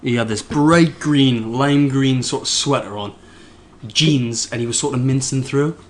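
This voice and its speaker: A man's voice: mid-range voice, a little slow. A man, a podcast co-host telling a rambling story with frequent restarts. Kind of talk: casual anecdote telling.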